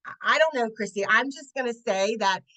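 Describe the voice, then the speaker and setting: A woman in her late forties, a network marketing consultant, telling an animated sales story on a team training video call. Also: on the high side, brisk, rough recording. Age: 40s. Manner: animated, acts out voices in her stories.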